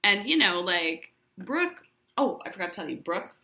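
A woman's voice: medium pitch, big pitch swings, moderate pace, bright, forceful tone, a little hiss or hum. A woman in casual chat, animatedly retelling a plot and acting out the characters' lines. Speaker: co-host recapping a musical.

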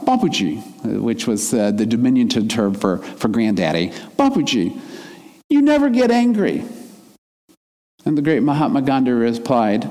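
A man preaches in an earnest, reflective voice, pitched a little high, with emphasis that rises and falls as he makes each point. His words trail off into a long reverb, as if spoken in a large church hall. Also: a little mellow. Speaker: minister. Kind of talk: sermon.

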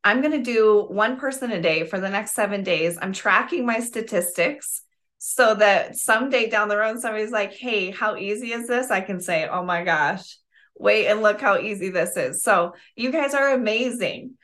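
A woman's voice: mid-range voice, normal speed, fairly bright tone. A woman giving a casual motivational sales training on a video call, gushing and chatty. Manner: gushing, chatty, full of "oh my gosh". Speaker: network marketing trainer.

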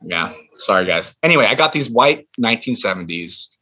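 A man on a video call, chatting casually with friends. His voice is bright and forceful with a husky edge. He stumbles through restarts and sounds a little sheepish. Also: fairly low pitch, lively intonation, a little fast, low-quality recording. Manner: hesitant, restarts, gets heated then sheepish. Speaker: podcast co-host. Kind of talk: casual chat.

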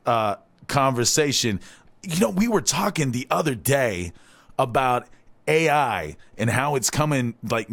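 A man in his forties from Hawaii hosts a live community radio show. He talks in a loose, rambling way, full of "all right?" asides and restarts, at an everyday pitch. His voice is close and dry, as if from a studio mic. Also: no echo.

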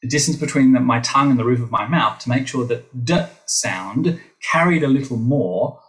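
A man's voice: medium pitch, normal speed, fairly bright tone, low-quality recording. A middle-aged Australian man, a voice teacher, talking animatedly in a podcast interview, with playful asides to the listeners. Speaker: guest, voice teacher.

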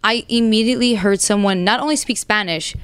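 A woman's voice: mid-range voice, fairly quick, a bit bright, slight background noise. A woman in casual chat, telling a travel story with lots of fillers and laughter.

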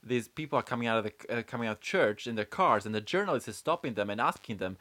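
A man's voice: mid-range voice, lively intonation, fast talker, few pauses, fairly bright tone, no room sound. A man co-hosting a casual comedy podcast, rambling and joking, now and then slipping into put-on voices. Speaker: podcast co-host.

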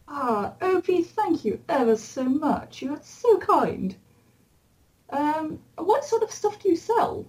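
A woman's voice: sits high, lively intonation, slow, a little mellow, recorded from a distance, rough recording. A woman playing a tabletop game, talking politely and hesitantly. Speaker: player. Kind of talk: tabletop role-play, in and out of character.

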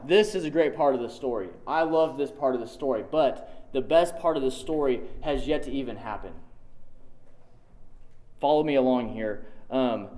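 A man's voice: medium pitch, a little mellow. A man preaching a sermon, emphatic and conversational, repeating key lines for weight. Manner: conversational, dotted with "like".

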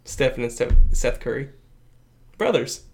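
A man's voice: medium pitch, expressive, measured pace, darkish tone, soft background music. Rambling, self-correcting co-host, man. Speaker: podcast co-host. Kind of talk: casual chat.

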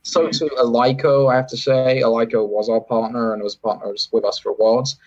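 Husky British man, dull lo-fi audio. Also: mid-range voice, fairly even intonation, a little fast, darkish tone. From Britain. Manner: rambling, self-correcting, with wry asides. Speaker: sports federation chief executive, podcast guest. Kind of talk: casual interview talk.

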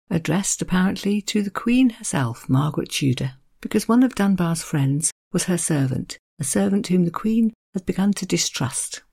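This podcast host has a gravelly, husky voice with a mellow, warm tone. They deliver a scripted literary narration at an even reading pace, slipping in wry, self-deprecating asides. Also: mid-range voice, normal speed, few pauses.

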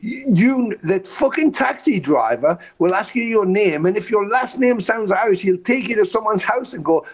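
A man's voice: high voice, lively intonation, normal speed, hardly any pauses, breathy edge. A man, a touring musician, telling long road stories in a podcast chat, swearing casually and acting out the voices of people he quotes. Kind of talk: animated storytelling in conversation.

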